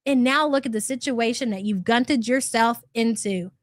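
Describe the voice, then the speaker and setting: Woman, commentary host, high voice, exasperated, sarcastic, dry sound. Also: moderate pace, no echo. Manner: sarcastic, exasperated, reads chat aloud. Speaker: commentary YouTuber. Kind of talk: reaction commentary.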